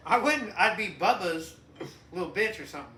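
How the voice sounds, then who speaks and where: A middle-aged man with a high, piercingly bright voice, chatting casually and swearing freely as he rambles. He sounds set back from the mic in a roomy, echoing space with a faint hiss of background. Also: lively intonation, brisk. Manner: profane, rambling, bursts into loud mocking rants. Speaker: podcast co-host, father. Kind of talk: casual chat. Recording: echoey room, distant mic.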